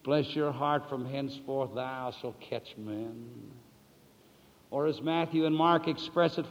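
A man preaching a sermon, swinging between soft, low passages and loud, drawn-out words, and asking the listeners questions he answers himself. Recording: dull, lo-fi sound with long hall reverb.

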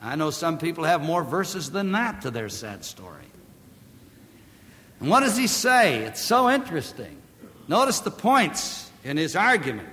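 A man's voice: big pitch swings, unhurried. Emphatic preacher man in reverberant hall. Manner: emphatic, rising to loud declamation then dropping low. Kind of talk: sermon.

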